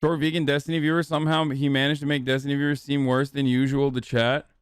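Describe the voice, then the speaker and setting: Male streamer, 30s, rambling and sarcastic, bright clear voice on a dry close mic. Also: medium pitch, flat delivery, fast talker, no echo. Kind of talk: casual livestream commentary.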